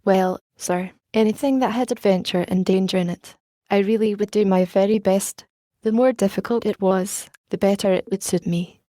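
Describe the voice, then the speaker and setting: A woman's voice: mid-range voice, steady tone, moderate pace, dark tone, no echo, studio quality, lightly acted. A woman reading the lines of an eager young male reporter in his early twenties, earnest and ardent, in an audiobook.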